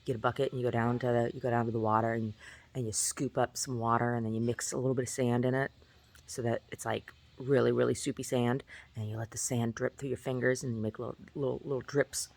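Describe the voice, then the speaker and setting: A woman vlogger talking in a rambling, chatty way, often asking "right?" and at times jumping up into a high squeaky pitch. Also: little pitch movement, quick pace, gravelly, darkish tone. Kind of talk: casual rambling monologue.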